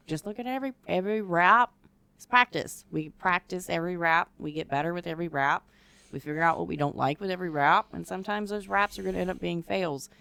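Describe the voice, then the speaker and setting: A woman, co-hosting a casual podcast chat, telling animated stories and acting out her own past reactions. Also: lowish voice, creaky, clean tone, no room sound. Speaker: co-host teaching decorative rod wraps.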